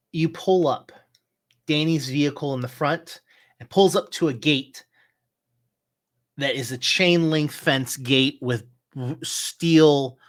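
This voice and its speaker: Slow-talking male game master. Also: mid-range voice. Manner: slow, searching narration with fillers and restarts. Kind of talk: narrating a tabletop game.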